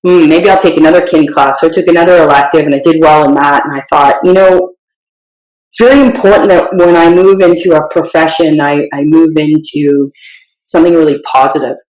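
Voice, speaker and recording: A woman's voice: sits low, fairly even intonation, brisk, darkish tone, echoey room, poor audio. A woman in her forties, a strength coach and professor, telling stories in a podcast interview. She acts out the lines she quotes and laughs easily.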